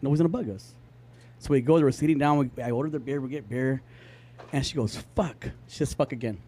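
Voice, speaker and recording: A man's voice: medium pitch, fast, dark tone. A man telling a long story in casual podcast chat, rambling and profane, with many fillers. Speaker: podcast co-host.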